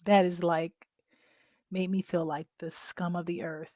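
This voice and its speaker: A woman's voice: lowish voice, flat delivery, measured pace, darkish tone, no room sound. Candid middle-aged woman, dry close sound. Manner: candid, conversational, addresses viewers as y'all. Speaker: family caregiver. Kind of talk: personal storytelling vlog.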